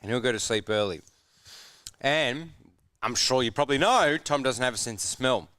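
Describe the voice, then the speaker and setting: A young man on a live sports stream, calmly starting a childhood prank story while finishing his pizza. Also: medium pitch, moderate pace, smooth, dry recording, clean studio sound. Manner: relaxed, talks while eating, quieter. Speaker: guest. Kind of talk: casual storytelling.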